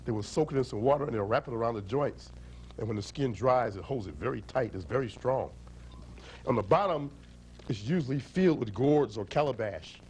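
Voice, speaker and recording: At a library event, a storyteller and musician teaches children about instruments and storytellers, lively as he pulls them into call-and-response chants. His medium-pitched voice runs a little fast, and the rough recording carries some hiss or hum.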